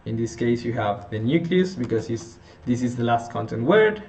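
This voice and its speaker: A man teaching an intonation lesson, working through example sentences slowly, often restarting and correcting himself. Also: mid-range voice, expressive, darkish tone. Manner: slow, halting, with frequent restarts and self-corrections. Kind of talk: phonetics lesson explanation.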